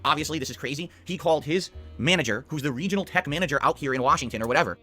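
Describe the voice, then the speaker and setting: A man's voice: a little high, rapid-fire, sharp tone, soft background music. A man streamer ranting to his camera, insistent and repetitive.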